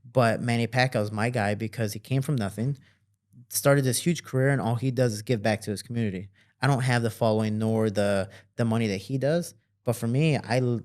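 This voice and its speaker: A young man, a fighter and podcast guest, telling a story in a casual, animated way and acting out the voices in his quotes. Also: lowish voice.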